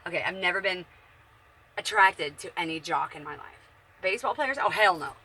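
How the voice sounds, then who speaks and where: A woman's voice: on the low side, expressive, normal speed, sharp tone, slightly rough. A woman in her forties, chatting bluntly and profanely from her bedroom in a casual, rambling monologue. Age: 40s. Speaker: vlogger.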